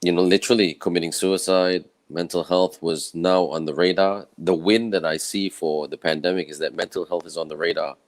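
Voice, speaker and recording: A man from Malaysia, speaking in a croaky, tired voice in an earnest, conversational personal talk to camera. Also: deep voice, steady tone, fairly quick, hardly any pauses, no echo. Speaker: summit speaker. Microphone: own camera setup with a clip mic.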